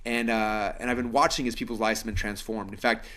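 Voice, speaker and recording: A man hosting a webinar, making an earnest sales pitch with lots of fillers. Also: little pitch movement, fairly bright tone. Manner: fast, earnest, persuasive, many fillers. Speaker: webinar host pitching a course.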